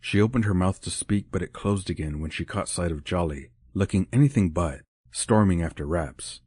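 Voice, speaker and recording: A man narrating an audiobook with measured, even storytelling. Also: low-pitched, husky, dry recording, studio quality. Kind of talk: scripted narration.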